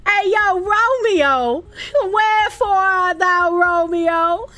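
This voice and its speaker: A woman putting on a hammy, over-the-top Shakespearean stage actress, declaiming loudly. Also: extremely high pitch, drawn-out words, pitched above the performer's own voice, heavily acted. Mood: mock-dramatic. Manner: theatrical, declaiming.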